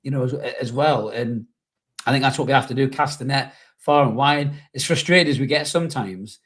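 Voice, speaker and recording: A man's voice: mid-range voice, normal speed, a bit bright. A man hosting a casual fan podcast, rambling and reading out viewer messages, with lots of "you know". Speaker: podcast host.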